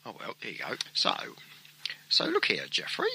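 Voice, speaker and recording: Man, radio show host, playful, swooping up and down, raspy edge. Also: low voice, huge pitch swings, normal speed, pushed and bright, poor audio. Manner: playful, talks to himself. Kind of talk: homemade comedy radio show. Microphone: old tape microphones.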